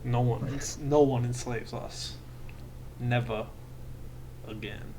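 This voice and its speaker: A man's voice: medium pitch, fairly even intonation, slow, lightly acted. A man voicing a tough, blunt male crime-family boss who swears freely, in a tabletop game over a noisy home recording. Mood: blunt anger.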